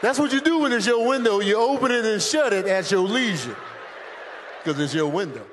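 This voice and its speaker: A man with a very high voice performs live stand-up on a comedy stage, talking into a handheld mic. He is animated and often bursts into shouted impressions of airport staff. A faint hum of noise sits under his voice. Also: brisk, crowd noise. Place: comedy stage with a laughing audience.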